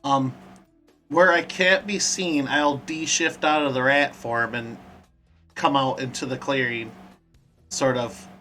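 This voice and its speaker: Male player, bright tense voice, easygoing, soft music underneath. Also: medium pitch, steady tone, slow, long pauses. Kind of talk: casual tabletop game chat. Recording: stream audio with music behind.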